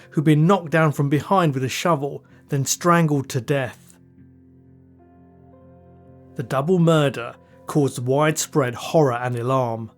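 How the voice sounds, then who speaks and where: A man narrates true crime for his podcast in a measured, dry, scripted delivery, dropping in the occasional wry aside. His voice sits a touch higher than most men's. A soft music bed runs quietly beneath him. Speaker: podcast host.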